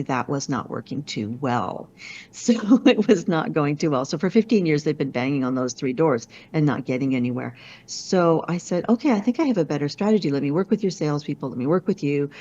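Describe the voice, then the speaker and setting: A woman business consultant telling animated, self-deprecating stories in an interview over a video call. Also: low-pitched. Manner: animated, self-deprecating storyteller with quick asides. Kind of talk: conversational storytelling interview. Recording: dull lo-fi video call audio.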